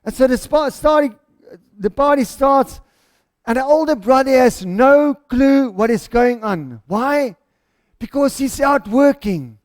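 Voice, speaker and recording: A man's voice: extremely high pitch, lively intonation, a little slow. A South African man preaching a passionate, storytelling sermon as pastor.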